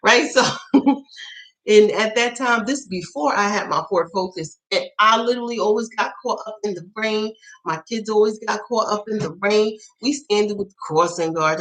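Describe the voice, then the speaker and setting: A woman's voice: on the low side, fairly bright tone, rough recording. A woman hosting a casual livestream, telling stories bluntly with a lot of swearing and laughter, acting out her own past remarks in quoted voices. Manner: blunt, profane storytelling with frequent laughter. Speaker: tarot channel host.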